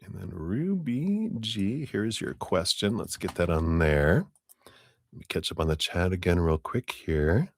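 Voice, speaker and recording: A man with a deep, low-set voice gives a live tarot reading in unhurried, drawn-out phrases. He rambles casually, leaning on "you know" fillers and soft chuckles. The sound is dry and close, with no room around it. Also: sing-song, no echo. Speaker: tarot reader hosting a live stream.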